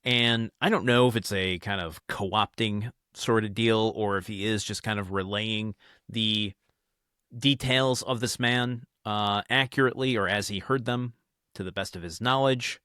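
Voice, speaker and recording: A man's voice: fairly low pitch, unhurried, bright, forceful tone, smooth, dry recording, studio quality. Man musing casually over a novel. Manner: musing, self-correcting, with fillers. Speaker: audiobook reader and podcaster.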